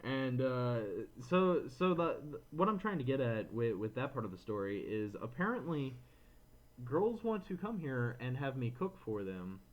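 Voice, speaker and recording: Podcast co-host, male, casual ranting storyteller, mid pitch. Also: moderate pace, lo-fi sound. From Florida, USA. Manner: animated ranting, acts out others in quotes.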